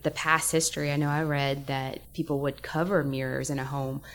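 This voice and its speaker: A woman's voice: deep voice, flat delivery, fairly quick. A woman with a Southern US accent, co-hosting a casual podcast chat with chatty, joking asides. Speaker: podcast co-host.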